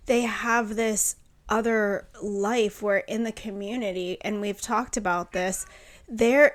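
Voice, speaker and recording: A woman co-hosting a podcast, talking candidly and earnestly in casual chat, slowing down on heavy points. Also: on the high side. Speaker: podcast co-host.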